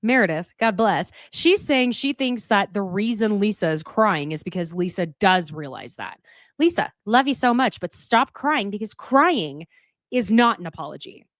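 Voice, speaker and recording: Woman, recap vlogger, candid and opinionated, middle-pitched voice with a dry close sound. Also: expressive, moderate pace, no echo. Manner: candid and opinionated, swears casually. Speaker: reality TV recap host. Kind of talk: casual recap commentary.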